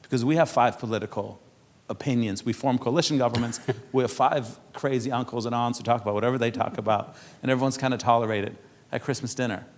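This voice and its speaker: A man's voice: medium pitch, steady tone, quick pace, hardly any pauses. A man from Europe speaking to an audience in a conversational way, telling anecdotes with frequent laughs and repeated words. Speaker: speaker at a public panel.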